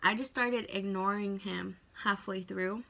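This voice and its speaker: In a relaxed story-time video, a young woman in her late teens retells something personal with lots of feeling and animation, leaning heavily on "like." She speaks a bit slowly, with a creaky, medium-pitched voice.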